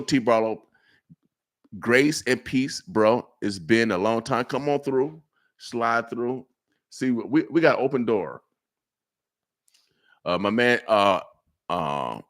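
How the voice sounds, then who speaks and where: A man from Nebraska hosting a morning radio show, talking in an animated way that repeats itself and exhorts like a preacher. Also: fairly low pitch. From Nebraska, USA. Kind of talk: casual radio talk. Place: radio studio.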